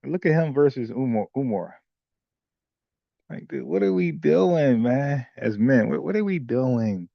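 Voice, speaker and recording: Gravelly man, blunt slangy co-host. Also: mid-range voice, unhurried, dry recording. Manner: blunt, slangy, animated, mocking. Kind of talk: casual opinionated chat. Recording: dull lo-fi dry sound.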